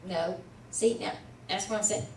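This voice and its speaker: A woman tutoring a student in Hebrew reading in a casual one-on-one lesson, patiently sounding out letters and syllables slowly. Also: medium pitch, steady tone, roomy sound, far from the mic, a little hiss or hum, rough recording.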